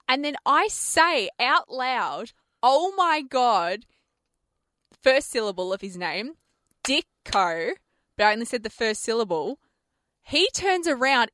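A woman co-hosts a radio show, trading casual on-air banter and telling stories animatedly with frequent laughter. Her voice is fairly high, and the studio-quality recording has no echo.

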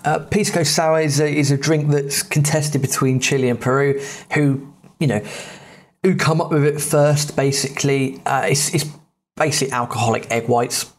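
An English man, a podcast host, telling travel stories in a casual, rambling way, often stopping to correct himself. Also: mid-range voice. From England. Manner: rambling, self-correcting, chatty.

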